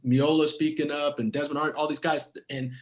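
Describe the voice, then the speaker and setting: A middle-aged man, a former pro footballer, telling a story as a podcast guest, animated and laughing often. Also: a little high, normal speed. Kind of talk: casual storytelling. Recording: roomy echoey sound.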